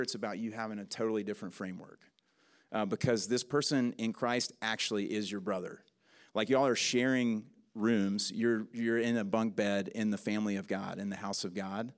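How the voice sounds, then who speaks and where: A man's voice: fairly low pitch, steady tone, brisk. Man preaching in a chatty style. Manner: conversational preaching with restarts and asides. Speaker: pastor. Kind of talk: sermon.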